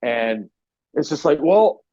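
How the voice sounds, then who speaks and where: A man's voice: mid-range voice, normal speed, darkish tone, no echo. A man guest on a podcast, telling his story in a blunt, profane, casual way with easy laughs. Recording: dry, slightly muffled podcast audio.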